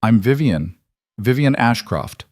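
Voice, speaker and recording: A man narrating a story, voicing a frightened, well-bred young woman stranded in a mountain cabin in a breathy, pleading voice. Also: medium pitch, lively intonation, unhurried, a little mellow, dry recording, studio quality, natural voice. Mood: guarded. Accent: Eastern US, put on. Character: frightened young upper-class city woman.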